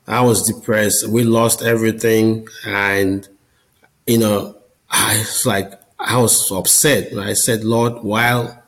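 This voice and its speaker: Speaking slowly in a lowish, level, slightly bright voice, this podcast guest recounts his personal testimony. He's a Catholic business founder, earnest and conversational, often repeating words; the recording is rough.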